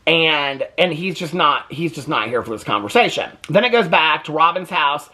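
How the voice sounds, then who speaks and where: A man hosting a casual TV recap vlog, sassy, gossipy and profane, in an animated delivery. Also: a little high, normal speed. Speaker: host.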